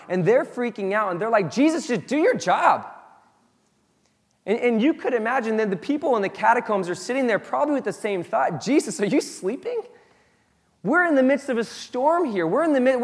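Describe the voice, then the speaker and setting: A man preaching a sermon in a casual, conversational way, moving between loud excited asides and soft, low reflection. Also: big-room sound. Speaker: pastor.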